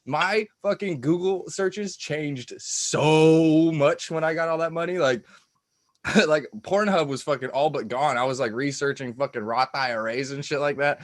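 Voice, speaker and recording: A man's voice: a little high, measured pace, no echo, studio quality. A man doing a crude, swearing stand-up set, laughing at his own jokes, on a cheap lip mic. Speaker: stand-up comedian.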